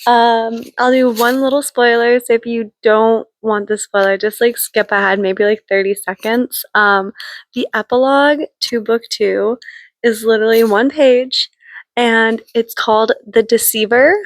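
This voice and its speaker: A woman's voice: on the high side, steady tone, a little slow, no echo. A young woman chatting casually in a book vlog, gushing about what she reads, with frequent likes and ums. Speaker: book vlogger. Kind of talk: casual read-along vlog chat.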